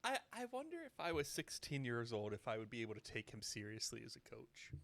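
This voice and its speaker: A young man in casual podcast chat, excitable and exclaiming, often stammering as he starts a thought. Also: mid-range voice, fairly quick, dry recording. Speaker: podcast participant. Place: podcast studio.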